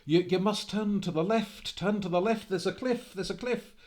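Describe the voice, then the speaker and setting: A man's voice: mid-range voice, very animated, normal speed, creaky, pitched above the performer's own voice. A man voicing a poor seal hunter, with terse, stammering replies. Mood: panicked.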